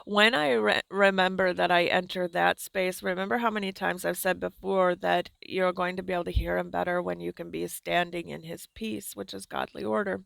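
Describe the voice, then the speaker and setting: Soft-spoken woman with a gravelly edge. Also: on the low side, fairly even intonation, dry recording. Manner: slow, earnest and soft-spoken. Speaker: Christian prophetic speaker. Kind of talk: devotional teaching.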